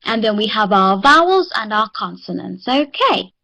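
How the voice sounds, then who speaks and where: A woman's voice: mid-range voice, sing-song, gravelly, pushed and bright, dull audio. South African woman, online English teacher, encouraging. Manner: encouraging, drills words slowly.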